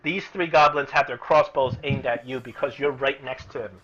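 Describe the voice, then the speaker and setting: A man's voice: medium pitch, normal speed, fairly bright tone, highs cut off. A man narrating as game master in a casual tabletop session, often restarting his sentences.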